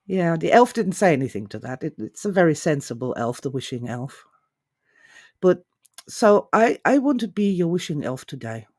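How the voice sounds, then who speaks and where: A woman hosting her own show, telling a story in a musing, unhurried way with frequent restarts. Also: sits low, sing-song, a little mellow, no echo, clean studio sound. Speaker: host. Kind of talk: storytelling talk.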